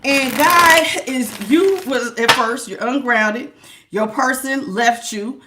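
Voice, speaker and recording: A woman's voice: on the high side, slow, very noisy. A woman giving a live spiritual tarot reading, preachy and emphatic, repeating words for stress. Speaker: tarot reader.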